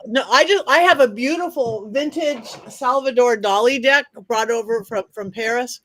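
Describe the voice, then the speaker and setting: A woman's voice: fairly high pitch, normal speed, fairly bright tone. A woman in casual podcast chat who repeats herself and trails off. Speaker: podcast co-host.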